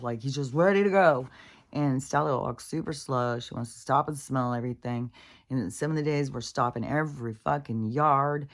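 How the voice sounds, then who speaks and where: Worn-out woman vlogger with a gravelly voice, swearing and rambling in casual monologue. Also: a bass voice. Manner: profane, venting, full of fillers. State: in pain, worn out.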